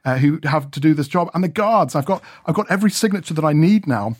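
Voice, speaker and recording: A man's voice: fairly high pitch, animated, fast talker, dry recording. A man being interviewed in a radio studio, chatting in a rambling way with many restarts. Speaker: radio reporter.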